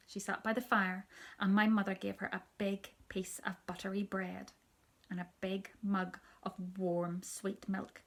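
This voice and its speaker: A woman, a teacher, reading a children's story aloud in a soft, hushed storytelling manner that often drops near a whisper. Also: medium pitch, level tone, measured pace.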